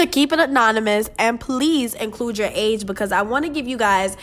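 On her own podcast, a young woman gives an earnest, emotional, laid-back motivational talk, swearing freely and calling her audience "you guys." Her voice is somewhat high and her speed normal.

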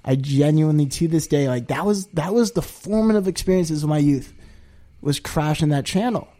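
Male podcast guest, somewhat high voice, chatty rambling storyteller. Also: normal speed. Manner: rambling and animated, heavy use of "like", jumps to high-pitched quoted voices. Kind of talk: casual storytelling.

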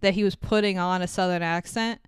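Chatty woman podcaster, crisp dry voice. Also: lowish voice, steady tone, fairly quick, no echo. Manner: chatty, swears freely, laughs often. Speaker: podcast co-host. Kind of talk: casual movie recap chat.

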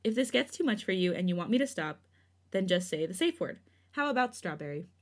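A woman reading the part of a gentle young man, soft and coaxing. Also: medium pitch, sing-song, a little fast. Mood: tender.

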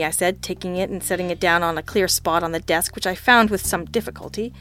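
A woman's voice: fairly low pitch, fairly quick, a bit bright, soft background music. A woman narrating a first-person audiobook with a wry, understated delivery.

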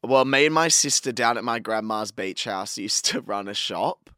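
A man's voice: on the low side, expressive, normal speed, bright, forceful tone, no room sound. Young man, laid-back slangy co-host, dry close mic. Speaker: podcast co-host. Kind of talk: casual chat.

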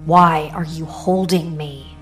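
A woman playing a possessed aunt in a ghost story, her voice pushed high and thin, wavering between pleading and threat. Strained and unsettling, it breaks on its cries. Music plays underneath. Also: fairly even intonation, slow. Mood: menacing.

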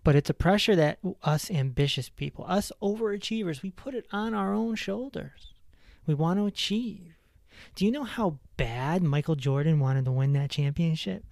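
A man hosting a self-help podcast, talking in an emphatic, animated way and laughing at his own stories. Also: a little high, moderate pace, vocal fry, no room sound, studio quality. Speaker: podcast host. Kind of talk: casual self-help monologue.

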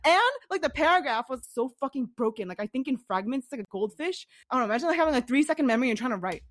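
Woman on a podcast talking real fast, higher voice, blunt and sweary, dry sound. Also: animated, no room sound. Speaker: podcast co-host. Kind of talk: candid casual podcast chat.

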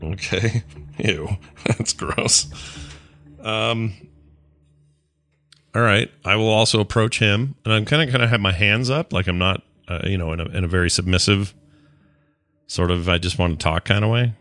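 Hesitant low-voiced man at a game table. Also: moderate pace, pauses often, a bit bright, dry recording. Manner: hesitant, thinking aloud with fillers. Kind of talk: casual play at a tabletop game.

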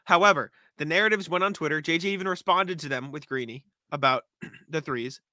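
A man with a fairly high, bright, forceful voice co-hosts a sports podcast over a remote call. He laughs often and stumbles through quick restarts. The sound is dry and close. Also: dry recording. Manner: laughs easily, thinks on the spot with restarts. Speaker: podcast co-host. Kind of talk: casual sports podcast chat. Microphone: remote call, muted at times.

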